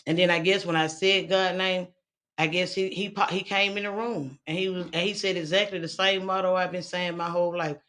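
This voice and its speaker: A woman's voice: lowish voice, steady tone, fairly quick, fairly bright tone. A woman guest telling her own survival story in a candid, blunt and profane way. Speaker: interview guest. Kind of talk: candid personal testimony.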